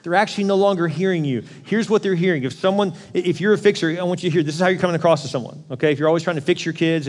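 A fairly high-voiced man preaching to a congregation in a casual, conversational way, slipping into other people's voices as he quotes them. The sound carries a long reverb from a large hall. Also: very fast, few pauses. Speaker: pastor. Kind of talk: sermon.

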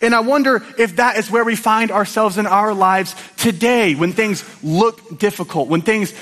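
Lively high-voiced male preacher in a hall. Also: normal speed. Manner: animated, acts out scenes with voices. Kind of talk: sermon.

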